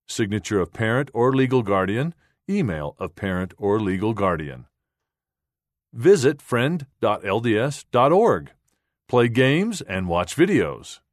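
A man reading a children's magazine aloud in a clear, deliberate scripted style. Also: on the low side, sing-song, dry recording, studio quality. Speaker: magazine reader.

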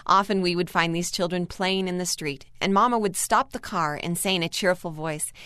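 A woman reading aloud an earnest first-person article as scripted narration, calm and steady. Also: lowish voice, moderate pace, hardly any pauses, clear, resonant tone, no echo, clean studio sound. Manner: calm, earnest storytelling read.

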